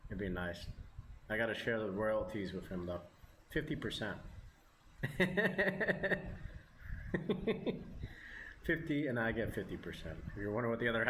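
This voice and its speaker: A man's voice: lowish voice, a bit bright. A man vlogging as he eats, chatting casually in a rambling way and chuckling often. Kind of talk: casual chat while eating on camera. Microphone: camera mic. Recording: roomy with background noise.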